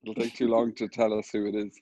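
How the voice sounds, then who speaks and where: A man's voice: lowish voice, completely flat delivery, quick pace, mellow, a little hiss or hum, poor audio. A man, a film director, joking in an offhand, wry way on a video call panel. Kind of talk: casual panel chat.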